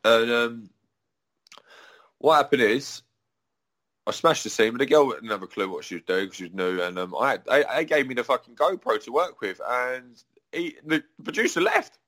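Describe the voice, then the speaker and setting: A man's voice: medium pitch, lively intonation, normal speed, fairly bright tone. A man, still young, unloads a long story in a loose, rambling rant. He swears constantly, restarts his sentences, and keeps drifting into asides. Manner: profane, rambling, with many restarts. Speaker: adult performer.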